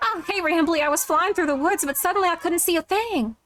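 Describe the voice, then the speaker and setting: A friendly female macaw from a cartoon game chirps along in a very high, bright voice, put on by a woman reading aloud. She sounds cheerful and a little breezy. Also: brisk. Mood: dazed cheerful.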